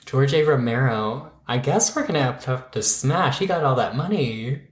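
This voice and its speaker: A podcast co-host from Pittsburgh jokes around in a sassy, slangy, casual chat. His voice sits at a middle pitch. The sound carries the echo of a roomy space. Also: lively intonation, moderate pace. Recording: echoey room.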